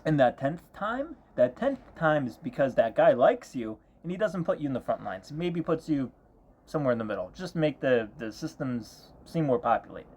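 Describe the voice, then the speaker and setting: A man's voice: mid-range voice, big pitch swings, normal speed, a little mellow, husky. A man delivering a frustrated, rambling video monologue about an online game, venting with repeated complaints and mocking impressions of other people. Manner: exasperated, repetitive venting with mocking quoted voices. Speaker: game vlogger.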